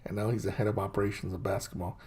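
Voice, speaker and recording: A man's voice: on the low side, level tone, rapid-fire, a little mellow, slightly rough. A middle-aged man hosting his own show, rambling through a blunt, scornful rant full of fillers and restarts. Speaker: host. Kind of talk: ranting monologue.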